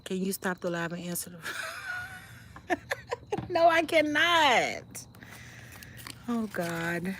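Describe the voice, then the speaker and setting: A woman's voice: on the low side, fairly even intonation, slow, pauses often, a little hiss or hum. A woman livestreaming outdoors by a fire on a cold night, chatting straight to her viewers and telling a personal story. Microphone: phone livestream.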